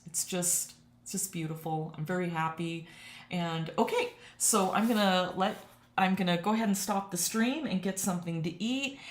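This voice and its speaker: Chatty woman teacher in an echoey room. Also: lowish voice. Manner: chatty, emotional, laughs often. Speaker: watercolor teacher. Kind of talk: casual live-stream chat.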